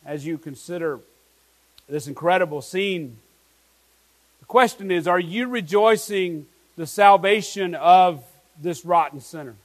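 A man's voice: sits high, a little slow, rough recording. A pastor preaching an earnest sermon to his congregation, asking his listeners many questions.

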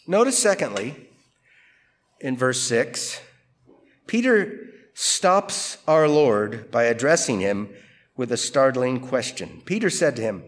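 Moving slowly through a Bible passage verse by verse, a man with a medium-pitched voice teaches in a conversational, emphatic and lively way. He frequently poses rhetorical questions in this expository teaching.

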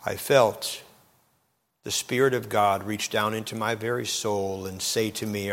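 Preacher guy telling a story in a sermon, dramatic, goes loud then hushed, big reverb of a church hall. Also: lowish voice, fairly even intonation, unhurried.

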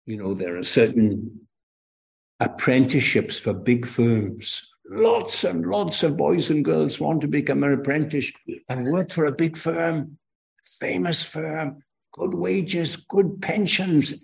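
A man's voice: on the high side, slow pace, gravelly. An older man from Wales with a Welsh accent, preaching a children's sermon with emphatic call and response.

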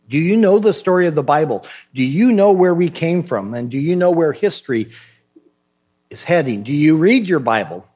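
A man preaching a sermon as pastor, emphatic and questioning, acting out short dialogues. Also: fairly high pitch.

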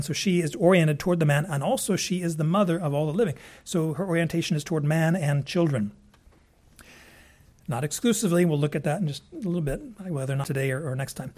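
A man teaches a passage like a sermon in a loose, conversational way, going back over words and adding asides. His voice sits a little high for a man. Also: darkish tone, slightly rough. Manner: conversational, with frequent restarts and asides. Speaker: preacher.

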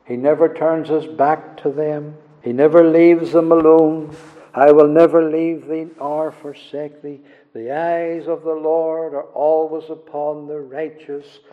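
A man preaches a sermon in a slow, deliberate way, his voice a little higher than most. He swings from loud, emphatic peaks down to near-whispers. The recording sounds dull and lo-fi, with a long reverb from a large hall. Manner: rises to loud emphatic passages then drops very soft; slow and deliberate delivery with scripture quotations.

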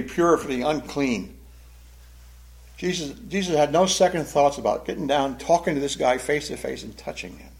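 A man teaching a Sunday school sermon, animated, acting out the quoted voices in the story. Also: fairly high pitch, vocal fry.

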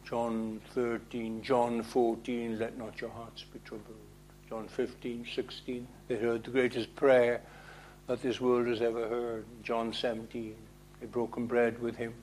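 A man preaching a sermon, emphatic, asking rhetorical questions and swinging between loud declarations and hushed lines. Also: mid-range voice, level tone, a little slow, slight background noise.

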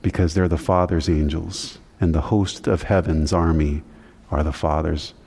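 A male pastor giving a conversational teaching sermon, his voice climbing higher when he stresses a point. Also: fairly even intonation, normal speed, gravelly, a little mellow, slightly rough. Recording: long hall reverb.

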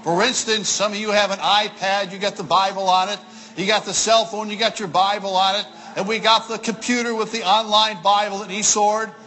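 A man preaching a sermon as pastor, emphatic, repeating key lines and slowing down to stress words. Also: sits high, little pitch movement, bright, forceful tone, poor audio. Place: church.

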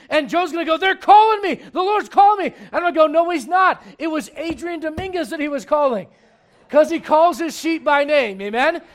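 Man, middle-aged, pastor, very high voice, sermon, dynamic swings from loud to hushed, acts out voices. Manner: acts out voices in little scenes.

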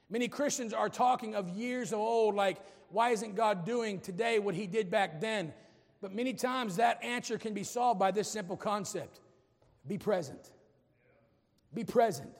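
A man's voice: high-pitched, in a large hall. A man preaching a sermon as a pastor, impassioned, with humorous asides.

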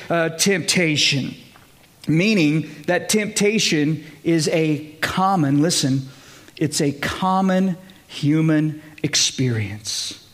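A male pastor giving a conversational sermon, often checking in with his listeners with quick questions. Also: high-pitched, fairly bright tone.

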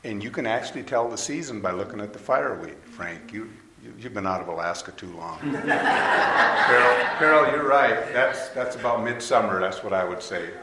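Guy preaching in a big echoey hall, lowish voice, chatty, quizzing the crowd. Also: expressive, normal speed. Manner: conversational, asks the audience questions. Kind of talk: sermon. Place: hall with an audience. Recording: roomy hall, faint noise.

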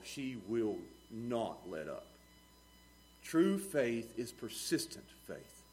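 A middle-aged man preaching with a high, lifted voice. He swings between hushed asides and loud, pleading outbursts, acting out the people in his story. His delivery is lively and theatrical. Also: husky. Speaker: pastor. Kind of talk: sermon.

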